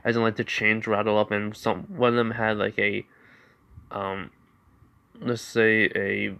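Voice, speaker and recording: A man's voice: fairly low pitch, a bit bright. A young man casually improvising a fan fiction story, rambling with lots of fillers. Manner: rambling, many fillers like 'like'.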